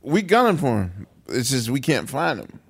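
A man hosting a casual podcast chat, quick with eager questions and reactions. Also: medium pitch, wildly swooping pitch, vocal fry, husky. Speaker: host.

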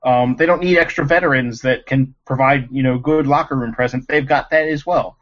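A man's voice: mid-range voice, fairly quick, a bit bright, dull audio. A man co-hosting a casual sports podcast, rambling with lots of ums and an exasperated tone. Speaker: podcast co-host.

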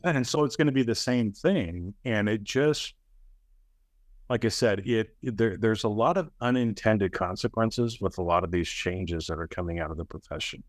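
Blunt, emphatic low-voiced man. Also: moderate pace, dry recording, studio quality. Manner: emphatic, acts out quoted people in raised voices; blunt, uses casual profanity. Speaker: guest, audit training company head. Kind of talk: conversational podcast interview.

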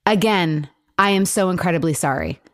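Heated, animated woman chatting. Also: fairly low pitch, moderate pace. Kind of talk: casual chat.

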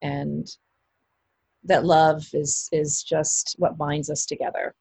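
A woman with a low, gravelly, slightly husky voice talks through an interview in a loose, rambling way, full of fillers and restarts. The sound is dry and close. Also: level tone, takes it slowly, darkish tone, no room sound. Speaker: actress guest. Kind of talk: casual interview chat.

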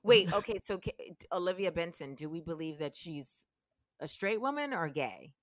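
A woman guesting on a comedy podcast, chatting in a playful, teasing and expressive way. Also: on the low side, moderate pace, no room sound. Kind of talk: casual comedy podcast chat.

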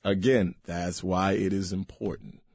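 Low gravelly guy on a studio mic, slangy and loose, dry sound. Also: measured pace, dry recording. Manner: animated, loose, slangy, trailing restarts. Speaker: comedian guest. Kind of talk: casual interview chat.

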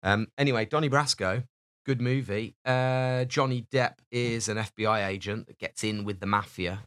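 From his home office, a podcast co-host with a lowish, slightly bright voice talks at normal speed. The chat is casual and rambling, and he laughs often.

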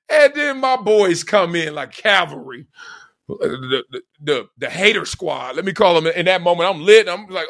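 A lively, bright-toned male host, telling a comedic story with a high, swooping voice. He laughs often and slips into quoted voices as he goes. He sounds middle-aged. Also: moderate pace. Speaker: podcast host.

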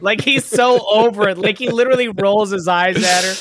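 A woman's voice: mid-range voice, fairly quick, dry recording. A woman co-hosting a movie podcast in casual chat, acting out scenes and swearing. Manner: animated, acts out scenes, profane. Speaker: podcast co-host.

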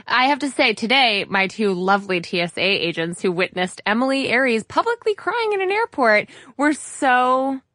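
A woman hosting an interview podcast, talking in an animated, emphatic way. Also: on the high side, moderate pace, hardly any pauses, no room sound, clean studio sound. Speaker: podcast host. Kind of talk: casual interview chat.

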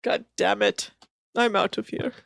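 A woman co-hosting a podcast trades corny jokes and fake outrage in loose, unhurried chat. Her voice is close and dry. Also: mid-range voice, steady tone, creaky, a bit bright, dry recording. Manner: joke-telling, playful mock outrage. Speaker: podcast co-host. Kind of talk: casual chat.

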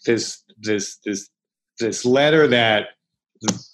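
A man's voice: fairly low pitch, takes it slowly, slight background noise, rough recording. A middle-aged man telling a story in a casual interview, restarting often and swearing freely. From Philadelphia, United States. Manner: rambling, many restarts, swears freely, acts out quotes. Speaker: chef and interview guest.

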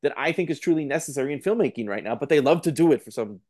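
A man's voice: on the high side, animated, racing, a little mellow. A man guest on a film podcast, talking casually and animatedly, often acting out what others say.

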